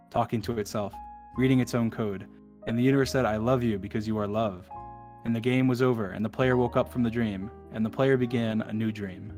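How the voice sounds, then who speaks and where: A man streaming to a voice call, reading a long text aloud in a rush and breaking off for joking asides. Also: medium pitch. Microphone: computer mic in a voice call. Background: soft added music.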